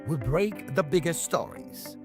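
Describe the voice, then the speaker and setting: A woman narrating a dramatic television promo in a slow, emphatic, swooping delivery. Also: deep voice, lively intonation. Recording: over loud background music.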